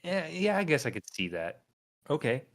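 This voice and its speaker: A man's voice: fairly high pitch, sing-song, normal speed, fairly bright tone. A male podcast co-host in loose, joking conversation. He reads comments out one by one and keeps breaking into small laughs between them. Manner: reads comments aloud, chuckles often. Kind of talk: casual comedic chat.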